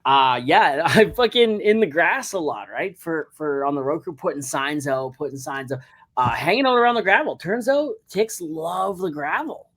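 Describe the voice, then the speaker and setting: A man's voice: a little high, lively intonation, moderate pace, a bit bright. A man as a podcast guest, chatting in a laid-back, profane, rambling way. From Canada. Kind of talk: casual podcast chat.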